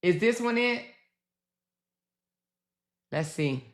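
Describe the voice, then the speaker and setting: A woman's voice: mid-range voice, very slow. A woman host commenting on live stream clips, talking animatedly to her viewers. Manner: animated, talks back to viewers.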